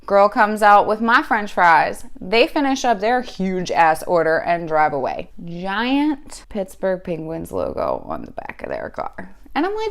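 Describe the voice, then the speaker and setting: Animated, swearing woman fan ranting. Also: mid-range voice, slow pace. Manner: animated, profane, wry storytelling. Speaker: sports fan vlogger. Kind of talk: casual fan reaction rant.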